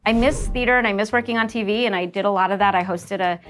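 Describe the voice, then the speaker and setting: A middle-aged woman from New Jersey, a voice actress chatting casually in an interview, lively and quick to laugh. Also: medium pitch, faint music behind. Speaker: voice actress guest.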